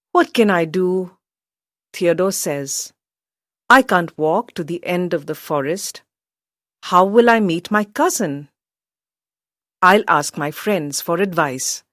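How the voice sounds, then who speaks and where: A woman narrating a children's storybook aloud in a slow, expressive way, lifting her voice for the characters' lines. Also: no echo, studio quality. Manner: lively storyteller, voices quotes higher.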